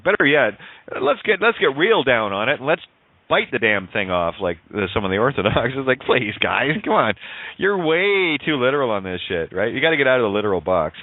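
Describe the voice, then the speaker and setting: A man hosting a call-in radio show, rambling excitedly, swearing freely and laughing often as he plays with the sounds of words. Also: mid-range voice, a little fast, dry recording. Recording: tinny phone-like online call audio.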